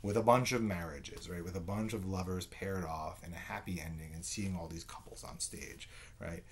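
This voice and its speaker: A man's voice: sits low, fairly even intonation, normal speed, slightly rough. A man giving a conversational literature lecture, full of fillers and "right?" check-ins. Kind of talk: recorded lecture.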